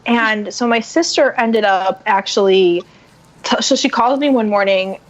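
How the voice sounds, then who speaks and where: A woman guest on a podcast telling a personal story in casual chat, animated and acting out the voices of people she quotes. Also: mid-range voice, a little slow. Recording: muffled lo-fi sound.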